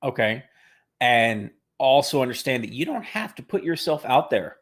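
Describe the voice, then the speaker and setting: A man co-hosting a casual talk show, speaking bluntly with plenty of swearing and quick bursts. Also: medium pitch, big pitch swings, a bit bright, husky. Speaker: podcast co-host. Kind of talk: casual chat.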